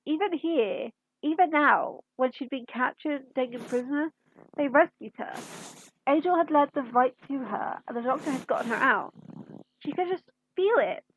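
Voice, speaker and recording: A woman reading a fan story aloud in an unhurried storytelling manner, with occasional slips. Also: high-pitched, a little hiss or hum, low-quality recording. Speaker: fanfiction reader.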